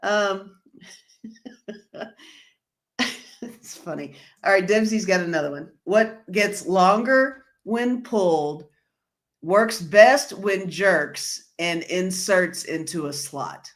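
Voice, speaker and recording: A woman's voice: medium pitch, slow, long pauses. A woman hosting a casual livestream, reading viewer comments aloud and laughing along in a chatty way. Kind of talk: casual live-stream chat.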